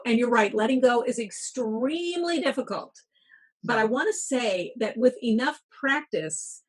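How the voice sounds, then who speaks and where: A woman's voice: on the high side, husky. A middle-aged woman, a workplace wellness speaker, giving advice and telling stories as a guest in a podcast interview. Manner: storytelling, coaching tone.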